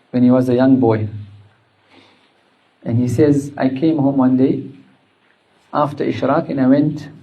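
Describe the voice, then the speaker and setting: A man giving a religious lesson, retelling anecdotes with quoted dialogue in a measured way. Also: mid-range voice, mellow, lo-fi sound. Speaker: religious teacher.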